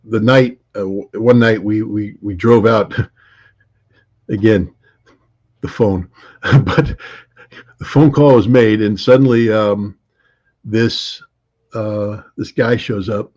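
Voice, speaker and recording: A man telling travel anecdotes in an interview, rambling with many fillers, restarts and laughs, his voice husky. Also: fairly low pitch, steady tone, takes it slowly, pauses often, darkish tone. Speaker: interview guest. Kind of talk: conversational storytelling. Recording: dull lo-fi audio.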